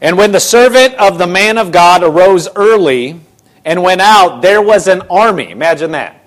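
A man preaching a sermon, retelling a scripture story in casual, animated voices. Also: sits high, moderate pace.

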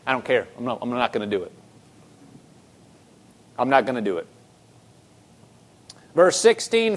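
Male pastor, high voice, earnest sermon delivery with acted-out inner voices. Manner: earnest preaching, quotes scripture, acts out inner dialogue.

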